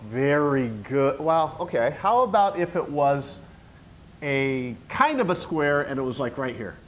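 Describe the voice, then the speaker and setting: Teacher in a classroom, animated sing-song pitch, unhurried delivery, quizzing the kids. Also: poor audio. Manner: coaxing, asks the class question after question. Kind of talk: classroom lesson quizzing students.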